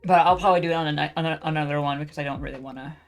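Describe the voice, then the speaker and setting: A woman with a lowish voice rambles through a casual monologue, looping back on herself and restarting half her sentences. She swears offhandedly and keeps it loose. Faint music hums behind her. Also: fairly even intonation, very fast. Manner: meandering, full of fillers and restarts, swears casually. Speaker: podcast host.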